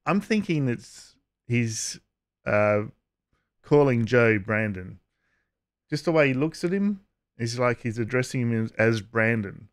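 A man giving casual vlog commentary, halting with frequent uhs and restarts and chuckling as he talks. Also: mid-range voice, animated. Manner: chuckles while talking. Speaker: YouTube commentator.

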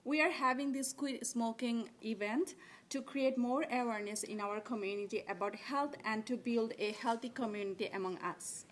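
A woman's voice: fairly high pitch, normal speed. A woman introducing speakers at a community event, a little hesitant as she reads. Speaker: event coordinator, presenter.

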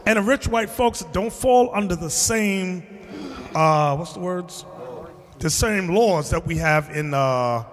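A man preaching in an animated, emphatic way, mixing street talk with scripture in a reverberant hall. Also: sits high, takes it slowly. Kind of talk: sermon-style teaching.

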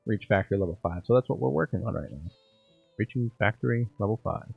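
A man's voice: fairly low pitch, animated, fast, vocal fry, breathy edge, narrow, tinny audio, soft background music. A man casually commenting while playing a game, thinking aloud and joking about himself. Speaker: gaming channel host. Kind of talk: let's play commentary.

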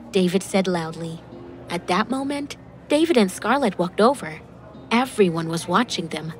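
A woman's voice: fairly low pitch, unhurried. A woman reading a dramatic story as narrator. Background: faint background music.

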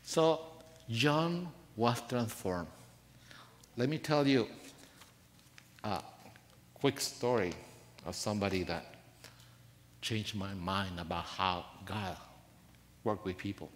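Soft-spoken preacher in a reverberant church. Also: male voice, fairly low pitch, slow pace, long pauses. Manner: soft-spoken, earnest storytelling with rising emphasis. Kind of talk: sermon. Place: church sanctuary.

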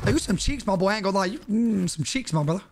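Excitable high-voiced male game streamer. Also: very fast, background noise. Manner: excitable, trash-talking, slangy. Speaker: gaming streamer. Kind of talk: live game stream commentary.

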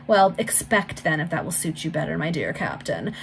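A woman's voice: low voice, big pitch swings, normal speed, gravelly, a little hiss or hum, heavily acted. A woman reading the lines of a jovial, mocking aristocratic baronet, bantering and amused.

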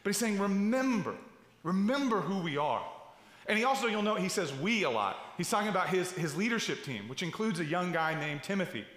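Bright, high-voiced pastor preaching. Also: male voice, animated, fast, hardly any pauses. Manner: conversational, restarts and asides, rhetorical questions. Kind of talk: sermon. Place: large church hall. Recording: echoey church hall.

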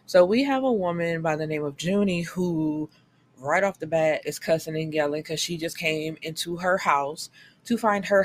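A woman's voice: low voice, a little hiss or hum. Blunt, chatty woman reviewing a book. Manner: candid, blunt, swears freely; animated retelling with quick acted quotes. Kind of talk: casual book review chat.

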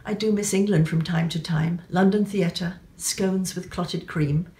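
A woman's voice: fairly low pitch, fairly even intonation, a little slow, mellow, lightly acted. A woman voicing a chatty, elegant English lady living abroad, breezy and gossipy in an upper-class way.

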